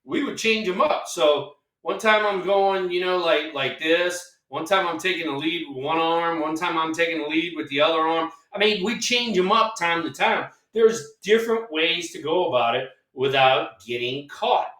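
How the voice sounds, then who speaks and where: A middle-aged man and former ballplayer co-hosting a sports talk show, telling anecdotes in a relaxed way and checking in with "all right?". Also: fairly high pitch, moderate pace, hardly any pauses. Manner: laughing, anecdotal storytelling with "all right?" tags. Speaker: podcast co-host, former ballplayer. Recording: echoey room, distant mic.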